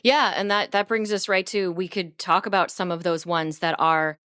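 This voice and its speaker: A woman's voice: fairly low pitch, fairly even intonation, normal speed, fairly bright tone, clean tone, dry recording, clean studio sound. A young adult woman co-hosting a casual chat, laughing often and steering the conversation. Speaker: co-host.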